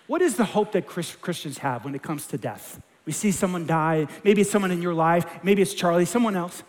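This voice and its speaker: A man preaching a sermon, impassioned and quoting scripture, with quick acted asides. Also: high-pitched, lively intonation. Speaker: pastor. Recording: long hall reverb.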